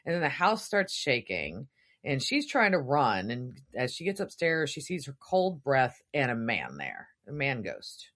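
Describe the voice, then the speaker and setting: A woman's voice: a bass voice, a little slow. A woman co-hosting a podcast, recapping a TV episode in casual chat and acting out the characters' lines. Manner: animated storytelling, swearing, acting out quotes. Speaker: podcast co-host.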